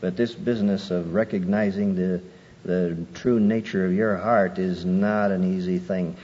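A man preaching a sermon, lively and conversational, acting out people's excuses in a raised voice. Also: a little slow. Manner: animated, acts out quoted excuses in a higher voice. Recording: muffled old hall recording with faint noise.

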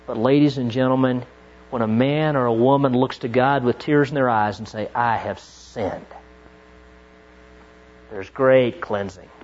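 A middle-aged male pastor preaching a sermon, moving from hushed storytelling to fervent exhortation. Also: medium pitch. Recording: dull lo-fi recording.

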